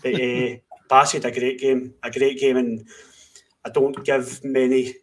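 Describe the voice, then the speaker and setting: A man's voice: medium pitch, little pitch movement, a little slow. A man co-hosting a football podcast, chatting casually and steadily about his club. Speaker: podcast co-host.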